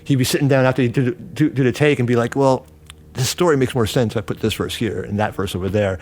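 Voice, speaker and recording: A man who is a recording engineer, telling studio stories in a casual interview and acting out quotes with rising voice and laughs. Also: fast talker. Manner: animated, acts out quotes with rising pitch and laughs.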